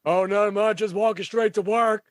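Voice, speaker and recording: Brief: guy doing a raspy Southern wrestler bit with a Southern drawl, dry close sound, loud and gruff. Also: high voice, steady tone, a little fast, no room sound, voice pushed up, natural voice. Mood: blustering. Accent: American Southern (put on). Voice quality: smoker's rasp. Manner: gruff, barks "What?" over and over. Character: brash Southern tough-guy wrestler, male, adult. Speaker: podcast guest. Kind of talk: comic impression.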